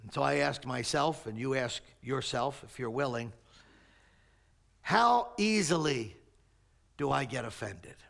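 A man preaching a sermon, swinging between raised emphatic lines and quiet low asides. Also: animated, unhurried, gravelly, pauses often. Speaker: pastor.

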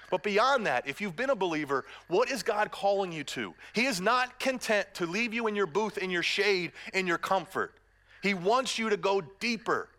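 A man's voice: high voice, animated, moderate pace, bright, forceful tone. A middle-aged man preaching a sermon as pastor, earnest and direct with the congregation, mixing in self-deprecating humor.

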